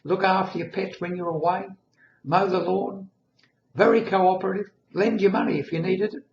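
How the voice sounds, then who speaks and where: A man's voice: sits high, steady tone, normal speed, vocal fry, roomy sound, highs cut off, pitched above the performer's own voice. A man voicing a cheerful male driver who speaks eagerly in praise. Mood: enthusiastic.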